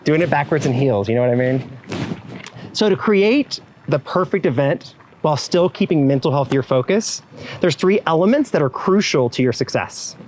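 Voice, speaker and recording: A rough recording with a little hiss or hum captures a man speaking at normal speed in a fairly high pitch. His motivational keynote to event professionals is animated and direct, full of asides, with the voices of clients and his inner self acted out.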